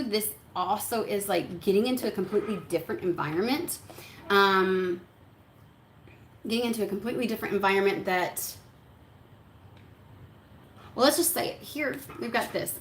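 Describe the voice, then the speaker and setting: Woman tarot reader, blunt and chatty, curses often, mid-pitched, roomy recording. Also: normal speed, a bit bright. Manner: blunt, chatty, swears freely, acts out listeners' thoughts. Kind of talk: casual tarot reading to camera. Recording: echoey room with faint background hum.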